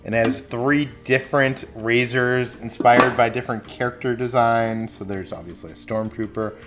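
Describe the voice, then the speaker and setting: A man's voice: mid-range voice, fairly even intonation, normal speed, loud music behind the voice. A man co-hosting a casual unboxing chat, easygoing and chatty, chuckling along. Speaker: co-host.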